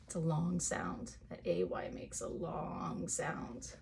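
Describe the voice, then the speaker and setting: A woman's voice: low-pitched, big pitch swings, slow, creaky, background noise. A woman teaching a phonics lesson to young children from home, talking in a patient, encouraging way.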